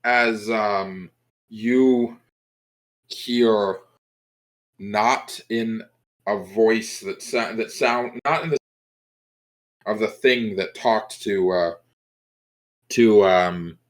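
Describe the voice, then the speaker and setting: A man running a tabletop game as game master, setting spooky scenes in a deliberate way. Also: fairly low pitch, low-quality recording.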